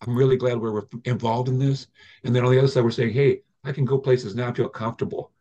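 A man's voice: medium pitch, fairly even intonation, fast, warm tone, dull audio. An older man, a guest in an interview, telling long rambling stories about the app he built, with frequent restarts. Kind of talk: conversational interview storytelling.

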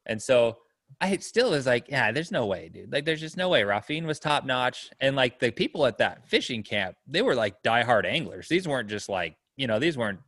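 A man's voice: mid-range voice, big pitch swings, normal speed, fairly bright tone, dry recording, clean studio sound. A man telling a long story in casual chat, rambling, with lots of fillers, and acting out the people in it. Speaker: storyteller guest.

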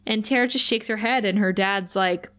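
A woman co-hosting a casual podcast, briskly retelling a TV episode scene by scene, quoting the characters and laughing often. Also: medium pitch, fairly bright tone. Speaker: podcast co-host recapping a TV episode. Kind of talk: casual chat, animated episode recap.

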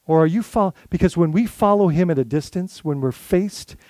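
A man's voice: on the high side, normal speed, darkish tone, dry recording. A male lead pastor preaching a sermon in a conversational way, full of rhetorical questions and restarts.

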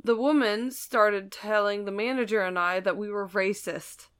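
A woman's voice: medium pitch, steady tone, moderate pace, clear, resonant tone. A woman co-hosting a casual chat, reading stories aloud with blunt, swearing asides and frequent laughs. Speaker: podcast co-host reading stories.

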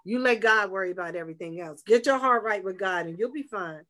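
A woman guest on a talk show, telling her cancer story in an animated, faith-filled way. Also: medium pitch, fairly quick. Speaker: guest, breast cancer advocate. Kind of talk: personal testimony in a talk show.

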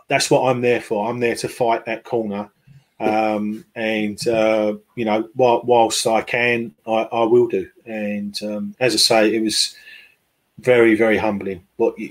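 A man, a podcast guest, talking casually and hesitantly with many fillers and restarts. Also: on the low side. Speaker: podcast guest, football club fan liaison. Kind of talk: casual conversational interview.

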